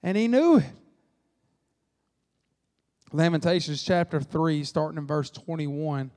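A man preaches to his congregation in a folksy, animated way. His voice sits a little high for a man. It rings with the long reverb of a church sanctuary. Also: measured pace. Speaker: pastor. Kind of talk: sermon.

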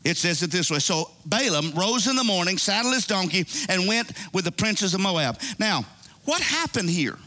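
Animated, high-voiced male preacher. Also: normal speed. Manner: animated preaching, voicing characters and asides. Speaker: pastor. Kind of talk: sermon.

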